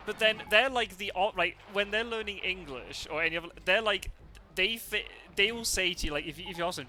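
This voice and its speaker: Bright, chatty man streaming a game. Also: fairly high pitch, a little fast, a little hiss or hum. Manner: rambling anecdotes, laughs often, swears casually. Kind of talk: casual chat while playing live.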